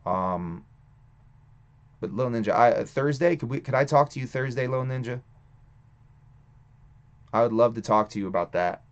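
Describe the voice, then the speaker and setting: Young male streamer host, casual and profane, rambling delivery, mid pitch, muffled lo-fi stream sound. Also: moderate pace, long pauses. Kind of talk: casual live-stream chat. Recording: dull lo-fi stream audio.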